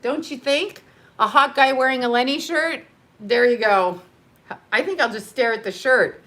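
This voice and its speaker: A middle-aged woman chatting live on stream with a bright, forceful voice, set a little high for a woman. She gushes and laughs often, audibly breathing heavily between bursts of excitement. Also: moderate pace. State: heavy breathing. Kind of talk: casual live-stream chat.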